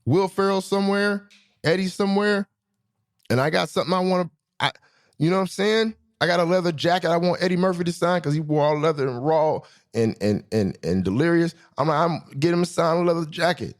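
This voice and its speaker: A man hosting his own show, telling stories in a slangy, animated way, swinging between excited high bits and low asides. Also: brisk. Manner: slangy, swearing, self-correcting. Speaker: podcast host. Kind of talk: casual storytelling monologue.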